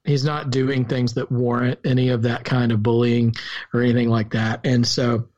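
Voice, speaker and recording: A man with a Southern US accent, co-hosting a podcast and discussing a film in an earnest, halting way with many restarts. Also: mid-range voice, flat delivery, a little mellow, lo-fi sound. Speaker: podcast co-host.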